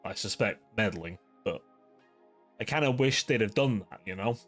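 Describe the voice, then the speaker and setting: A livestream host with a fairly low, animated voice chats casually with viewers at a normal speed, faint music playing behind him. He rambles and rants, swearing freely and packing his talk with "like."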